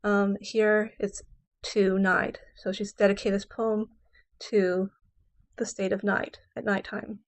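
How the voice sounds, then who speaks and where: A woman English professor lectures on poetry at a middle pitch, neither high nor low. She reads lines of verse slowly, leaning hard on the stressed words. Then she explains them in an easy, plain way, with an occasional "um" or "okay". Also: flat delivery.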